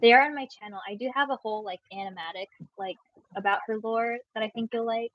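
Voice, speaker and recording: A woman's voice: fairly high pitch, quick pace. A young woman of Puerto Rican background, a guest on a casual livestream, who rambles and packs her speech with filler words. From Puerto Rico. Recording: dull, dry lo-fi mic.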